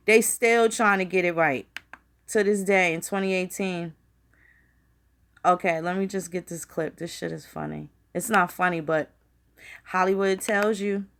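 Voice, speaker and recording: A woman hosting a casual livestream. She rambles and swears freely, talking straight to her viewers as she works at her computer. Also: mid-range voice. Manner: rambling, profane, conversational, addresses viewers directly. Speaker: channel host.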